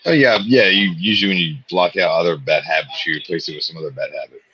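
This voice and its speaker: Fast-talking, low-voiced man, laid-back. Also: pushed and bright, breathy edge. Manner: laid-back, laughs often, swears casually. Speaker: co-host of a live watch party stream. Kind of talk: casual chat. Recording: dull, muffled stream audio.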